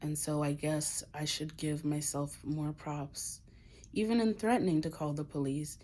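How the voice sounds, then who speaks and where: A woman's voice: low-pitched, fairly even intonation, measured pace, darkish tone. A woman speaking candidly in a confessional personal vlog, emotional and swearing casually. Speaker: vlogger.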